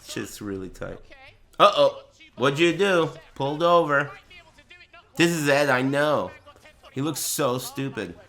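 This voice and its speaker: Animated, bright-voiced man streamer. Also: medium pitch, slow pace, gravelly, pauses often. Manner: profane, animated storytelling with frequent laughter. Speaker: streamer and podcast host. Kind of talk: casual chat.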